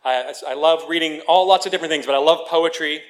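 A pastor with a somewhat high voice delivers a sermon. He reads scripture in a measured, careful way. Then he turns chatty and playful, joking with his congregation. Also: fairly bright tone.

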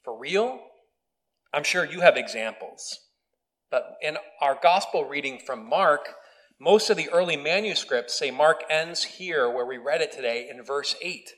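A pastor giving a conversational video sermon, with casual asides and self-deprecating humor. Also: male voice, on the high side, unhurried, fairly bright tone, poor audio. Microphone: video recording.

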